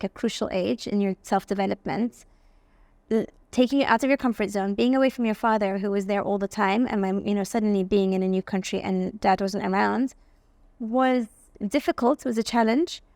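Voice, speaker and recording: Woman guest, gravelly tone, animated personal anecdotes, dry sound. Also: medium pitch, dry recording. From England. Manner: animated, acts out quoted voices, frequent "like". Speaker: guest, facial aesthetics practitioner. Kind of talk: personal storytelling interview.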